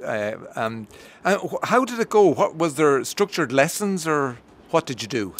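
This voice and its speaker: A man's voice: on the high side, sing-song, normal speed. A man with an Irish accent hosting a radio interview, chatty and teasing, often repeating himself. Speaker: radio host.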